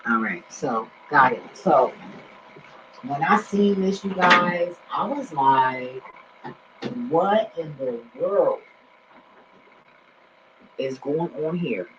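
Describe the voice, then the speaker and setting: A man's voice: a little high, expressive, very slow, pauses often, noisy background. A man in his forties talking to his viewers in a slangy, rambling vlog style, often getting sidetracked at home. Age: 40s. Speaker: vlogger. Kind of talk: casual vlog talk. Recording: dull lo-fi recording.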